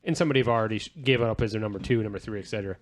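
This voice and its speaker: A man's voice: lowish voice, very fast. A man co-hosting a casual podcast, joking around as he runs through lists. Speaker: podcast co-host.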